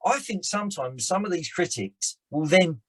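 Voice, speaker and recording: A man, an actor and director telling stories in a rambling, animated way as a podcast guest. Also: high voice, normal speed, a little hiss or hum, poor audio. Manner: animated storyteller, rambling restarts. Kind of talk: casual chat.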